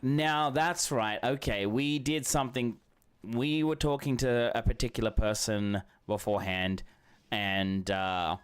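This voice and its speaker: A man streaming a game, talking casually and rambling warmly, with lots of fillers and restarts. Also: medium pitch, fairly even intonation, measured pace, smooth. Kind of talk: casual chat while streaming. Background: faint background music.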